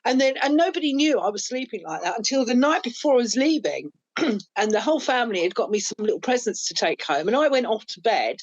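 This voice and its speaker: A woman's voice: on the high side, sing-song, fast talker, no echo, highs cut off. A woman, telling self-mocking stories as a podcast host chatting with her adult children. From London, England. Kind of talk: casual storytelling chat.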